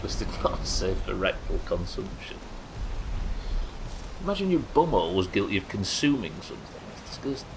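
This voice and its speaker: A man's voice: fairly low pitch, big pitch swings, moderate pace, noisy background. A man chatting casually while streaming a game, crude and joking, laughing often. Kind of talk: casual live-stream chat.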